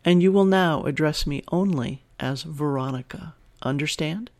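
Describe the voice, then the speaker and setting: A man voicing a commanding dominant woman who gives calm, clipped orders. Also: on the high side, normal speed, lightly acted. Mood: stern.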